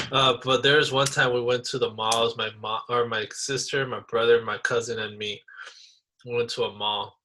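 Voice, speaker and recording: A man co-hosting a podcast, telling stories in a casual, animated way, full of slang like bro and dude. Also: mid-range voice, unhurried, a little hiss or hum. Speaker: podcast co-host. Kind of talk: casual chat.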